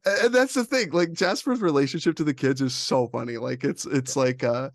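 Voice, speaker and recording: A man co-hosting a casual film chat, retelling scenes with excitement and laughter. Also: mid-range voice, brisk, no echo, studio quality. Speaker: podcast co-host.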